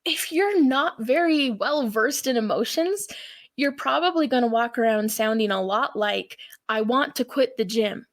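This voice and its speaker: A woman's voice: a little high, lively intonation, a little slow. A woman co-hosting a podcast in casual chat, retelling scenes and acting out the quotes. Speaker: podcast co-host.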